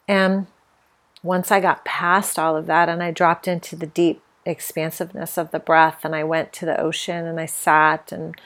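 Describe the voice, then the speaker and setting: Candid woman speaking softly, low-pitched. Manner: candid, emotional, with many fillers. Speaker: podcast host. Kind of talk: reflective personal monologue.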